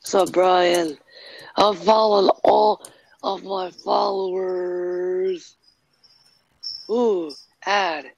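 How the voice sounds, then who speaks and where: A woman from New York on a video chat, speaking slowly and hesitantly. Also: medium pitch, fairly even intonation, gravelly, darkish tone, no echo, rough recording.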